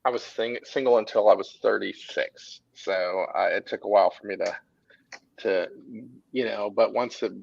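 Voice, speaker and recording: On a livestream, an artist and creative director in his forties tells stories in a gravelly, fairly low voice with a Southern Texas accent. His pace is moderate and his manner animated and rambling, full of restarts, all captured in lo-fi sound.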